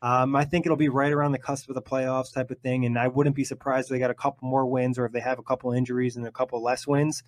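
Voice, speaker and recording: A young man hosting a casual sports podcast, eager and quick to laugh. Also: medium pitch, level tone, dry recording. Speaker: podcast host.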